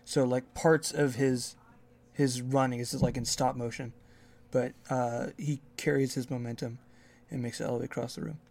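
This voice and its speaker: Gravelly-voiced man running a tabletop game. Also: mid-range voice, flat delivery, moderate pace, darkish tone. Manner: rambling, many fillers and restarts. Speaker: game master.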